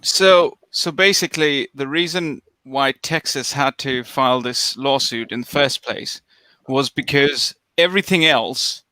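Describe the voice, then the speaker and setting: A man's voice: mid-range voice, unhurried, sharp tone, dry recording, low-quality recording. A man from Wales co-hosting a casual chat, explaining a topic at length and swearing casually. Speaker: podcast co-host.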